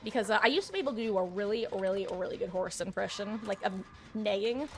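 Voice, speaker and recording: A woman streaming a video game, chatting casually with her viewers and reacting excitedly to the play. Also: medium pitch, soft background music. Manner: chatty, excitable, quick to laugh. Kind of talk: casual gameplay commentary.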